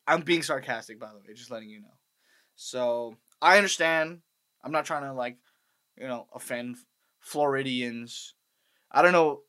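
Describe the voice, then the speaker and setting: A man's voice: on the high side, bright, forceful tone. A young man ranting with profanity, rambling and sarcastic, in a casual comic monologue. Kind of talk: profane comedic rant.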